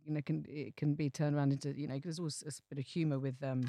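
A woman's voice: deep voice, steady tone, fast talker, dark tone. Rambling woman in her forties. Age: 40s. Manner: chatty and rambling, swears freely. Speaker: podcast guest. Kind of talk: casual podcast chat.

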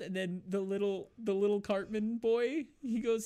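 A man co-hosting a casual podcast, telling a story with lots of laughter and quick put-on voices for the quoted lines. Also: high voice, a little mellow, dry recording. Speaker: podcast co-host. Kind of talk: casual chat, retelling a cartoon episode.

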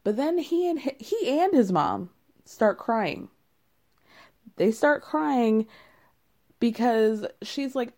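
A woman's voice: on the high side, very animated, slow, pauses often, mellow. A young woman in casual recap commentary, wry and amused, often breaking into laughter as she talks. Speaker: reality show recapper.

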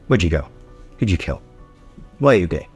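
Rambling low-voiced game master. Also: male voice, sing-song, moderate pace, a little mellow, husky, soft background music. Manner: rambling, with many ums and uhs. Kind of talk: narrating a tabletop game.

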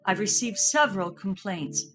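A prim workplace manager, played by a woman, talking down to an employee in a condescending tone. Loud guitar music plays behind the sketch. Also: medium pitch, animated, normal speed, lightly acted. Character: prim female manager, firing a ghoul. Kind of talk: comedy audio sketch.

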